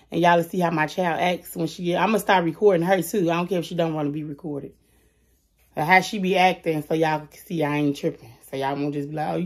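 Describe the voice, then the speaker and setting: A woman's voice: fairly low pitch, a little mellow. A woman in her thirties vlogging in casual chat, talking straight to her viewers in a chatty, colloquial way.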